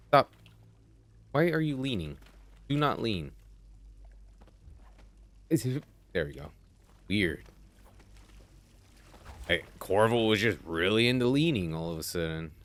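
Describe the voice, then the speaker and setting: A man's voice: deep voice, a bit bright. A man hosting a let's play, chatting and joking casually while he plays. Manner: chatty, jokey, reads game notes aloud in voices. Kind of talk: casual gameplay commentary.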